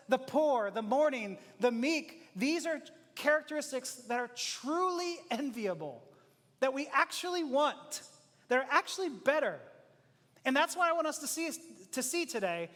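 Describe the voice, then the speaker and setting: A pastor with an unusually high male voice delivers a sermon in a loose, animated, conversational way, slipping into acted-out quotes and chuckling often. His voice rings with long reverb from a large church room. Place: church auditorium.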